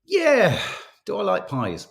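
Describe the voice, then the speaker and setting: Male host, casual chat, animated pitch, cheeky and sweary. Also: moderate pace. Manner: chatty, irreverent, swears casually. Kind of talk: casual chat reading the papers and live comments.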